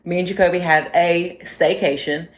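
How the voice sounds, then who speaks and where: A woman in her forties with a slightly low voice co-hosts a casual podcast. She rambles through stories and turns to talk straight to her listeners. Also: steady tone, moderate pace, slight background noise. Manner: rambling, chatty storyteller who talks to listeners directly. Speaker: podcast co-host. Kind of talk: casual chat.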